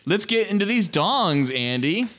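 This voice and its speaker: A man's voice: sits high, big pitch swings, unhurried, fairly bright tone. A man co-hosting a comedy podcast, rambling and crude in casual chat. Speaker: podcast co-host.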